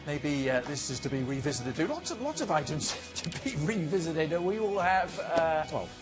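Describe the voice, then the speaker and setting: A man's voice: on the high side, very animated, normal speed, over music. A man hosting a football studio show, reading viewer questions and teasing his panel. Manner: teasing, stammers when laughing. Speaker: host.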